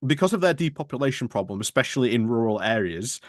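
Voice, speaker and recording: A man's voice: mid-range voice, animated, fast, dry recording, studio quality. A man chatting casually as a guest on a live news stream, easygoing and hesitant, with lots of fillers. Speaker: guest co-host.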